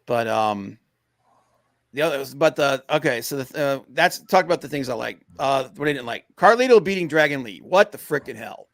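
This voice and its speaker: A man co-hosting a casual wrestling podcast, rambling with lots of fillers and breaking into excited rants. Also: medium pitch, normal speed, no echo, studio quality. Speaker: podcast co-host.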